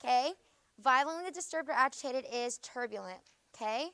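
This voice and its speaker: Young female teacher in a classroom, brisk and repetitive with checks of "okay?", smooth voice, somewhat high. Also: fairly bright tone. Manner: brisk, peppers talk with "okay?". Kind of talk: classroom vocabulary review. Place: school classroom.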